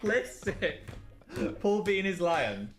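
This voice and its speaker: A man playing a party game, giggly and sounding words out slowly. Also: high voice, very animated, loud music behind the voice. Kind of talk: casual banter, playful.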